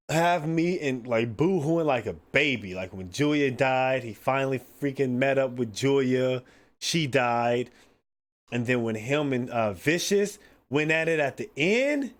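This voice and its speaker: A man hosting his own podcast, chatting casually in a loose, excitable way, swearing freely and filling his talk with "like" and "man". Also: medium pitch, measured pace. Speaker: podcast host. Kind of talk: casual solo podcast chat.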